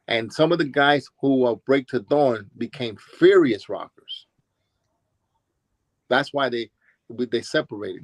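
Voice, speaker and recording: Speaking in a mid-range voice with no room sound, a Brooklyn man with a New York accent rambles through stories as an interviewee. He used to be a b-boy, and he keeps restarting and voicing other people's lines in this casual storytelling interview.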